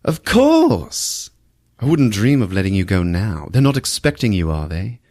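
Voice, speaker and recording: A man's voice: lowish voice, wildly swooping pitch, a little slow, a little mellow, full character voice. A man voicing a seductive, sinister female snake villain, mocking and purring. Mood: menacing.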